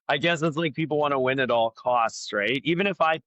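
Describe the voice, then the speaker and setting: A man, a jiu-jitsu black belt and gym owner, talking candidly as a podcast guest and thinking out loud with lots of fillers. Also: a little high, normal speed, dry recording, rough recording. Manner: candid, frank, talks through his thinking with many fillers. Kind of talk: casual podcast conversation.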